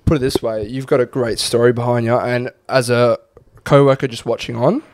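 A man's voice: medium pitch, fairly even intonation, brisk, darkish tone, no echo. A man co-hosting a casual podcast, swearing freely and reading listener stories aloud. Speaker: podcast co-host.

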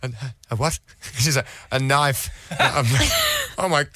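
A man's voice: mid-range voice, wildly swooping pitch, measured pace, bright, forceful tone, no echo. A young man, co-hosting a radio show and telling a story sheepishly, laughing a lot and restarting sentences. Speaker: radio co-host. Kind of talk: casual radio banter.

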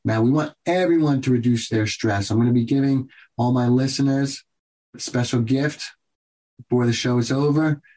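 Husky-voiced man hosting a health show. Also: medium pitch, mellow. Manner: earnest, repetitive coaching tone with quick bursts. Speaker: radio show host and doctor. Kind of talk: health advice talk show monologue.

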